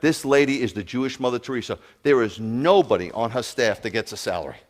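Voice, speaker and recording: A man preaching to his congregation, animated, telling stories and asking the crowd questions. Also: mid-range voice, fast. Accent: New York. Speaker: pastor. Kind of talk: sermon to a congregation.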